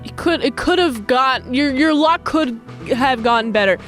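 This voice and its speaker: High-voiced woman recapping, animated. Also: moderate pace, faint music behind. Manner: animated, mimics characters in funny voices. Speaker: episode reviewer. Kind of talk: casual recap with acted-out quotes.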